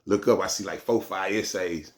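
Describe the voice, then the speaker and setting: A man's voice: deep voice, normal speed. A man telling a street story in casual slang, rambling and repeating himself.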